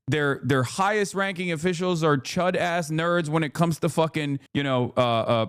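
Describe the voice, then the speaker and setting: A man in his thirties doing live-stream commentary, ranting profanely and excitably, sometimes shouting in disbelief. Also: on the high side, clear, resonant tone, no echo, clean studio sound.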